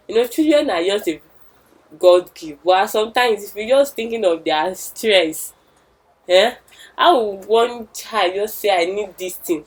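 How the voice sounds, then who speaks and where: Young woman telling folk tales, talkative, unhurried. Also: lowish voice, low-quality recording. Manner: chatty asides to the listener, repetitive emphasis. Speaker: storyteller. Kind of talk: oral storytelling.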